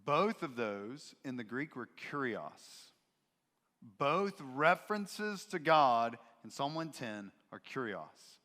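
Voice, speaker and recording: A male pastor delivering a sermon with a bright, forceful tone, pitched a bit above the usual man's voice. He preaches expressively and leans into the quoted voices for emphasis. His voice rings with a long reverb from the church sanctuary.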